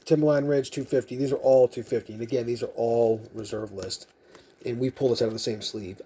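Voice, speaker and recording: A man's voice: medium pitch, mellow, a little hiss or hum. A man vlogging casually as he sorts through collectible cards, thinking aloud in a rambling, self-mocking way. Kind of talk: casual unscripted commentary.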